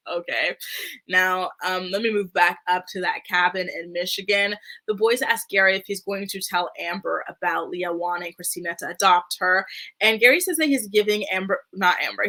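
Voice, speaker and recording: Sassy, bright-voiced woman recapping TV. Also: mid-range voice. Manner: sassy, chatty, heavy use of "like". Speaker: reality TV recap host. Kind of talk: casual commentary.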